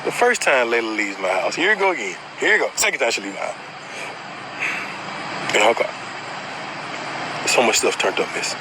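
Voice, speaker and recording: A man telling his own story in a blunt, animated way, swearing freely. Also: medium pitch, moderate pace, long pauses, noisy background. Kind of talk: casual storytelling.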